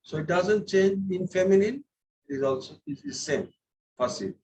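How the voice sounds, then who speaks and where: A man's voice: high-pitched, sing-song, moderate pace, noisy background. A man teaching a French class, patient, repeating words and checking that students follow. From India. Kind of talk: classroom lesson.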